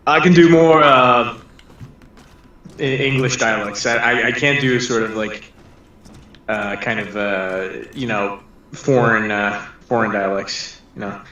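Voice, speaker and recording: A man's voice: mid-range voice, steady tone, slow, pushed and bright, muffled recording. Hesitant man calling in, echoey and distant. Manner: hesitant, lots of restarts and repeated words. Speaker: caller. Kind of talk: casual call-in chat. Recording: very echoey, distant from mic, faint noise.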